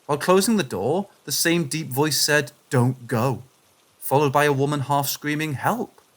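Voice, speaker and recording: A man narrating submitted paranormal stories in a steady, scripted reading voice. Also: on the high side, normal speed.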